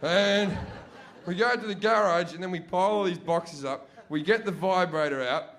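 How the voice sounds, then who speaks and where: A man's voice: high-pitched, moderate pace. A young man doing profane stand-up storytelling, acting out his family's voices. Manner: profane, animated, acts out family members' voices. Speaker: stand-up comedian. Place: comedy stage before a live audience.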